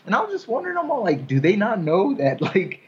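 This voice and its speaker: A man's voice: sits high, wildly swooping pitch, brisk. A man rambling in casual talk, circling his point with plenty of asides. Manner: rambling, lots of fillers and restarts. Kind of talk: casual wrestling chat. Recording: husky, dull lo-fi sound.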